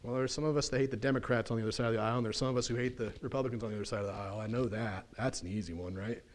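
Folksy animated male pastor preaching. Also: medium pitch, racing. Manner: folksy, animated preaching with casual slang and asides. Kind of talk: sermon. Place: church.

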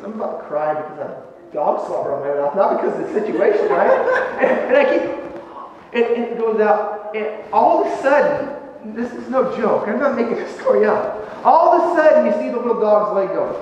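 A male pastor telling a story in a sermon, conversational and animated, with many fillers and restarts. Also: sits high, normal speed. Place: church sanctuary. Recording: echoey church hall, dull sound, faint noise.

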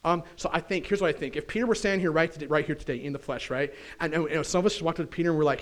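A pastor preaching a conversational sermon in church, often putting questions to the congregation. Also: male voice, fairly high pitch, very fast, hardly any pauses. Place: church sanctuary.

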